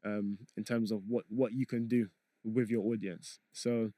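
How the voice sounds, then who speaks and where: A young man talking as a guest on a podcast, relaxed and rambling, with frequent fillers. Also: on the low side, a little slow, no echo. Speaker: guest, content creator. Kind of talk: casual podcast chat.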